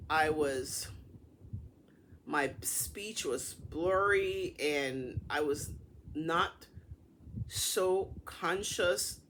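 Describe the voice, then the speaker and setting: A middle-aged woman casually telling a personal story to her camera in a chatty, animated way. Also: sits low, extremely slow, pauses often, slight background noise. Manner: chatty, animated retelling with acted-out dialogue. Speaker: vlogger.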